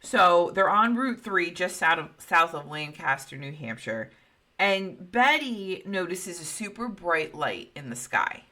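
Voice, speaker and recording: Brief: chatty, profane woman storyteller in her 30s with a forceful tone. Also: on the low side, sing-song, unhurried. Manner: chatty, profane, laughing asides. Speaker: podcast host. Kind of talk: casual storytelling.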